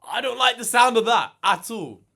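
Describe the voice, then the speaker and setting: A man ranting in casual reaction commentary, animated and swearing a lot, exasperated. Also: very high voice, normal speed, creaky. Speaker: reaction channel host.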